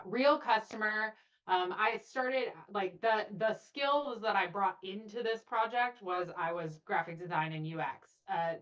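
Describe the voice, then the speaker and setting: A woman's voice: on the low side, a bit bright. A woman guest in a casual interview, chatty, saying 'like' often and acting out quotes. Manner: chatty, says 'like' a lot, acts out quotes. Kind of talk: casual conversation. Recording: dull lo-fi audio.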